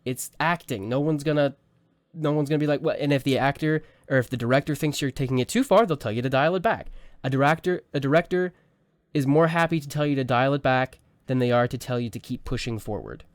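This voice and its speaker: A man's voice: medium pitch, a little fast, no echo, studio quality. Laid-back young man giving acting tips. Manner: relaxed, rambling, many fillers and restarts. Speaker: voice acting teacher. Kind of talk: casual tutorial talk. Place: small home room.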